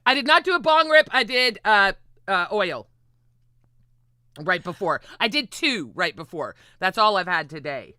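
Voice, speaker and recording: A woman hosting a livestream in casual, rambling chat, excitable and often swearing. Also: medium pitch, measured pace, no room sound, clean studio sound. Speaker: livestream host.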